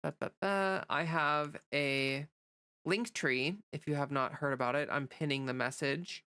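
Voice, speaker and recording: Bright, crisp-voiced woman streamer. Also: low-pitched, fairly even intonation, no room sound. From United States. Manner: rambling, halting, many fillers and restarts; reads chat comments aloud and greets viewers. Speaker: livestream host. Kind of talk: casual livestream chat.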